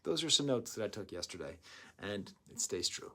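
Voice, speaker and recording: A man giving a casual album review, rambling into excitable asides. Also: on the low side, normal speed. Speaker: music reviewer.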